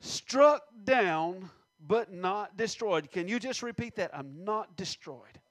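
Emphatic preacher guy, kinda high voice, dry close sound, reads verses slow and asks the crowd stuff. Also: lively intonation, no echo. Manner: emphatic, reads scripture slowly, asks the congregation questions. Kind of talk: sermon.

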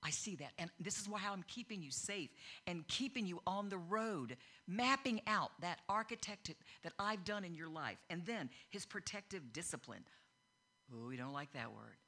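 A middle-aged woman giving an informal sermon, telling personal stories in an animated way and laughing now and then. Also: on the low side, normal speed, slightly rough. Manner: animated storytelling, laughs, acts out voices. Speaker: speaker teaching on faith.

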